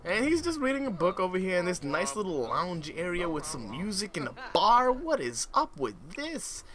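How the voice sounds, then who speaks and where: A young man giving excitable, joking let's play commentary in slangy casual speech. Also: high-pitched, moderate pace. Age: young adult. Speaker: gamer.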